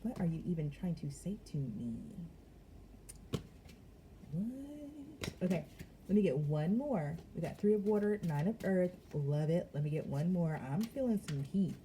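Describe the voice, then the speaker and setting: Deep-voiced giggly woman reading tarot. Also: expressive, fairly quick, few pauses, background noise. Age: adult parent of young children. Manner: giggly, breaks into laughter often; chatty, addresses viewers as y'all. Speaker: tarot card reader. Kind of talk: casual tarot reading to camera.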